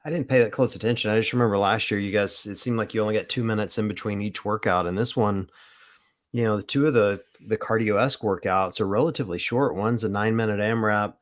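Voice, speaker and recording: In a casual podcast chat, a male co-host jokes at his own expense. He speaks on the low side at a quick pace.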